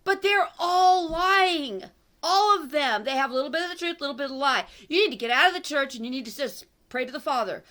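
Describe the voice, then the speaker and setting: Middle-aged woman ranting about faith, high bright voice, fired up and repeating herself. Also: lively intonation, fairly quick. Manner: fervent, heated, repetitive, with sudden loud outbursts. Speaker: online religious speaker. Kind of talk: impassioned preaching monologue.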